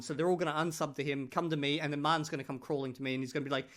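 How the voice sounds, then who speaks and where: A man's voice: on the high side, little pitch movement, rapid-fire, fairly bright tone. Chatty upbeat male vlogger. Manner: chatty, jokey, addresses viewers as guys. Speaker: language-learning vlogger. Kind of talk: casual talk to camera.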